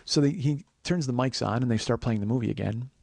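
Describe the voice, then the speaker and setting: Gravelly man telling comic stories. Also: mid-range voice, quick pace, no echo. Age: 40s. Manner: profane, rambling, animated storyteller. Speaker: podcast host. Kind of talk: comedic storytelling monologue.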